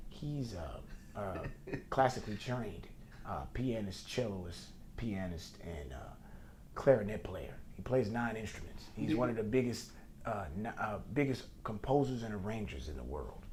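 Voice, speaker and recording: A man, a podcast host, telling a story with lively impressions among friends. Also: lowish voice, slight background noise. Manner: animated, fast when imitating. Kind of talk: animated storytelling.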